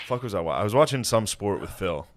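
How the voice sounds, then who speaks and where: A man in his thirties rattles through family anecdotes in easy chat, his pitch bouncing up and down as he goes. He breaks into laughter often and slips into a gruff voice for his dad. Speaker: comedian guest telling stories. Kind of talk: casual chat.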